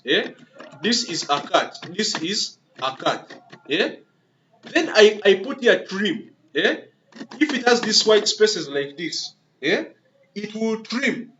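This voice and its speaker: A man with a high-sitting, fairly bright voice teaches a coding lesson as a screen-recorded tutorial. He narrates each step while typing, restarts and repeats words, and asks "okay?" and "yeah?" again and again. The audio is dull and lo-fi with a faint hiss underneath.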